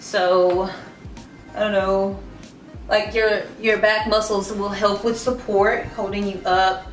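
A woman's voice: medium pitch, level tone, slow pace, distant mic. A woman giving a casual fitness vlog to camera, chatty and often restarting her sentences. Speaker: fitness vlogger. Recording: roomy sound from off-mic with light music.

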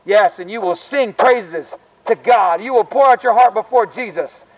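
A man with a very high voice preaches in the open air on a college campus. He exhorts his listeners urgently and with fervor, pressing them to repent. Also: moderate pace, low-quality recording. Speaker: street preacher.

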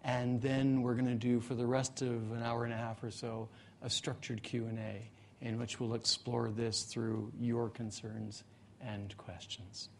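A man presenting at a meetup, telling a joke and then explaining his ideas in a measured way. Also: medium pitch, creaky, slight background noise. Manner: relaxed joking storyteller, then measured explainer. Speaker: presenter, guest speaker. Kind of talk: live talk at a meetup. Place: meetup room in front of an audience.

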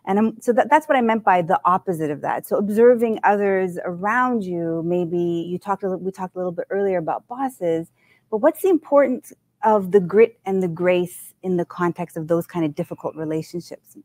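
A woman's voice: on the low side, normal speed, darkish tone, no echo. A woman moderating a panel, asking thoughtful, searching questions. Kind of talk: interview questions.

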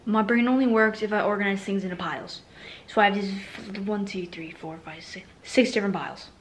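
A woman's voice: mid-range voice, steady tone, fairly quick, a little hiss or hum. Chatty young woman in an echoey room. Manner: scattered, self-mocking, chatty. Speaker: vlogger. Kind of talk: casual talking to camera. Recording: echoey room with faint ambience.

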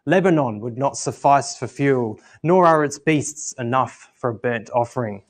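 A man preaching a communion sermon at church and reading scripture aloud in a measured, earnest way. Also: mid-range voice.

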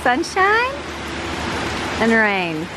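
A chatty middle-aged mother narrates her busy home in a bright, fairly high voice, upbeat and quick to move from one thing to the next. She is filming herself on a handheld camera indoors. There is clear household noise around her. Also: huge pitch swings. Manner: chatty, upbeat, talks to her dogs in a high sing-song voice. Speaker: vlogger, mother. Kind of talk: casual home vlog chat. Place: family home, kitchen and basement. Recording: noisy home recording.

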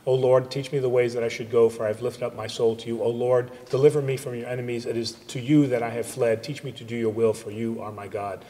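A man serving as liturgical reader, reciting psalms in a steady, even manner at a church service. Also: mid-range voice, fast, few pauses. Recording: long church reverb on a livestream.

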